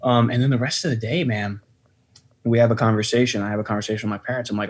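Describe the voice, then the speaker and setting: A young man, a podcast guest, telling a trip story in a relaxed, chatty way, swearing freely and saying "you know" a lot. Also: mid-range voice, fast. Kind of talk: casual chat.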